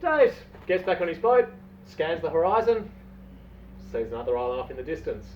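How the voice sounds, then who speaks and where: A man casually telling a long shaggy-dog joke, playful and drawn-out, heard from a distance in a dull recording. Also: on the high side, very animated, slight background noise. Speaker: storyteller.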